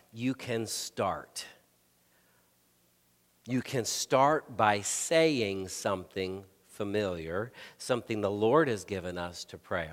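A man preaching a sermon as a pastor, in a lively, conversational way with frequent restarts. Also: fairly high pitch. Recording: long hall reverb.

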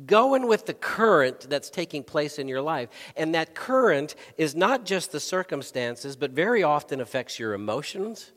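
A man preaching a sermon as a pastor, in a lively, conversational way with frequent restarts. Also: medium pitch. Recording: long hall reverb.

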